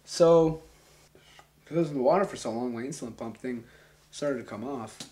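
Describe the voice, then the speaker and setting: A young man in his twenties telling a long, rambling, profane story in a casual, animated way. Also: mid-range voice, normal speed, slight background noise.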